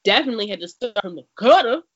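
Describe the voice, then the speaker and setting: A young woman co-hosts a podcast, chatting casually and saying "like" constantly. Her voice is fairly low in pitch with a fairly bright tone, and the recording sounds dull and lo-fi.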